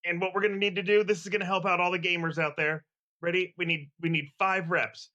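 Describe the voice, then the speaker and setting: A man giving a mock-serious workout demo as a comedy bit, deadpan like a fake coach. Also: high-pitched, fairly quick. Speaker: comedy segment presenter.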